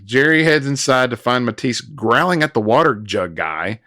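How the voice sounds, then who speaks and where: A man's voice: medium pitch, expressive, sharp tone, dry recording. Guy in his 30s recapping a movie scene by scene, laughs a lot, dry close mic. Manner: chatty recap, laughs often, quick asides. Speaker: podcast co-host. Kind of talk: casual film review chat.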